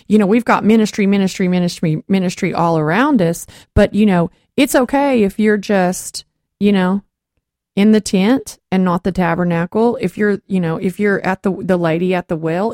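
A woman with a drawl hosts a Christian talk program and shares a testimony in a lively, storytelling manner. She slips into the voices of the people she quotes as the story unfolds. Her voice sits in a middle range and is recorded dry and close, with no room sound. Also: medium pitch, no echo. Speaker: host of a Christian talk show.

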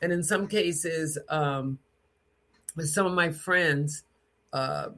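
An adult gives an unscripted teaching talk about sound, drawing out words in a mid-range voice. The tone is strong, frank and direct, with lively put-on voices and snatches of song used to demonstrate sounds.

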